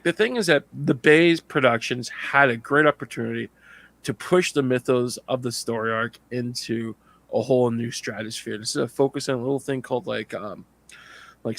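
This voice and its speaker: A man co-hosting a casual podcast chat, telling animated stories, laughing often and acting out other people's lines. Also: medium pitch, vocal fry, dry recording. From Canada. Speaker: podcast co-host.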